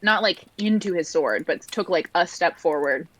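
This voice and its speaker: A woman at a tabletop game, telling what her character does in hesitant, restarting phrases. Her voice sits a little low. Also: normal speed, a bit bright, poor audio. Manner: hesitant, full of likes and restarts. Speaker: player. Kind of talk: casual role-play talk.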